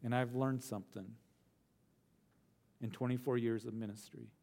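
A middle-aged male pastor teaching a verse-by-verse sermon, earnest, repeating phrases for emphasis and slowing down on key words. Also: mid-range voice, steady tone, gravelly, dark tone.

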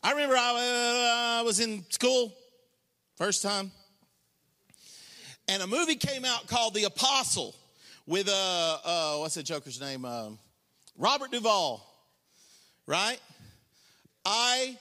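Man preaching with a high, lively voice. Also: takes it slowly, pauses often, in a large hall. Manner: passionate preaching, swings from quiet asides to shouted, sung-out lines; colloquial, joking asides to the congregation. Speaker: pastor. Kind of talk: sermon. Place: church sanctuary.

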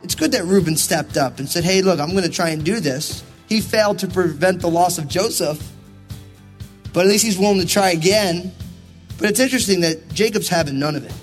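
A man's voice: sits high, a little fast, long reverb tail, soft background music. A man preaching a sermon as pastor, reading scripture and acting out people's words. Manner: preaching with Bible readings, voicing characters in asides.

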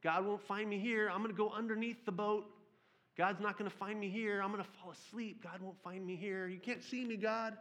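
A man's voice: sits high, steady tone, brisk, fairly bright tone, pitched above the performer's own voice. A man voicing a runaway prophet who acts like a small child hiding with his hands over his face, in a naive, sing-song tone. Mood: childlike.

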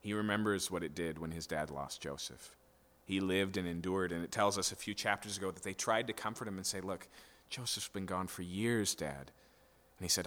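A man's voice: low voice, moderate pace, a bit bright. Man preaching in a reverberant hall. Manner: conversational, checks in with "okay?" and "right?". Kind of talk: expository sermon.

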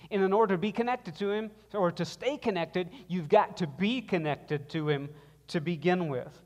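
A man's voice: sits high, normal speed. Man preaching in a reverberant church. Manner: preaching with wide swings between loud emphasis and quiet; engages the congregation with call-and-response. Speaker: pastor. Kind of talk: sermon. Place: church sanctuary. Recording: long reverb of a church hall.

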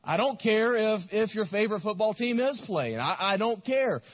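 A man's voice: high-pitched, expressive, moderate pace. A man preaching a sermon as a pastor, exhorting and repeating his points, asking the congregation questions. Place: church sanctuary. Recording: echoey hall.

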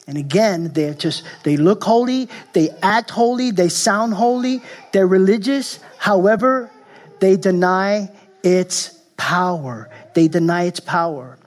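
A man preaching a sermon as pastor, emphatic and repetitive, often restarting phrases and sometimes dropping to a soft, intense tone. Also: high-pitched, measured pace. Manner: repeats and restarts phrases, emphatic, jokes at himself.

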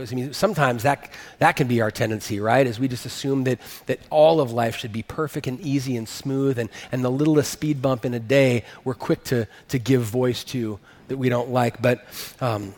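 A man's voice: mid-range voice, moderate pace, darkish tone, in a large hall. A man preaching a sermon as a pastor, earnest and emphatic, rising to stress his points.

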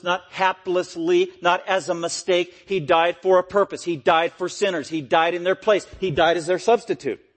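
A man preaching an expository sermon, emphatic and repetitive, swinging from loud peaks to quiet low lines. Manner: repetitive, stressing key phrases.

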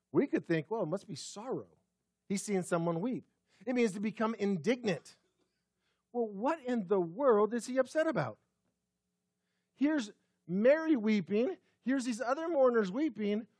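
A high-pitched man delivers a sermon in an expressive preaching style, with a dry, close sound. He swings from loud emphasis to near-whispered moments. When he reads scripture, he slows down deliberately. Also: dry recording. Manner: slows down to read scripture aloud. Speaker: pastor. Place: church.

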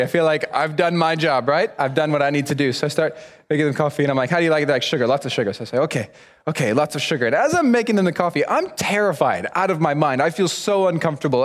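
A young man delivers a sermon as a lively story, acting out the other people's voices. His voice sits fairly high. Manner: animated storyteller, acts out voices. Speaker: preacher.

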